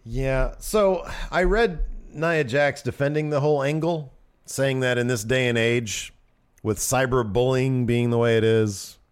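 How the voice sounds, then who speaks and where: A man co-hosting a podcast, recapping wrestling in casual chat, animated and prone to laughing and trailing off mid-sentence. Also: medium pitch, a little slow, clear, resonant tone.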